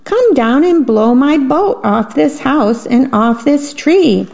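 A woman voicing an impatient little male mouse who shouts up at the wind from his sailboat in a storybook, with high, squeaky calls. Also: animated, takes it slowly, creaky, exaggerated voice. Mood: shouting. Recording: dull lo-fi radio broadcast.

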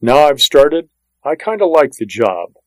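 A man's voice: medium pitch, big pitch swings, unhurried, a little mellow, no room sound, low-quality recording. A man voicing a tough, hard-bitten male outlaw on the run in an audiobook reading, talking in a blunt, menacing, commanding way.

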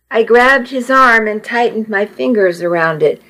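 A woman narrating a first-person audiobook in a measured, intimate storytelling manner. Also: fairly high pitch, animated, pushed and bright, poor audio.

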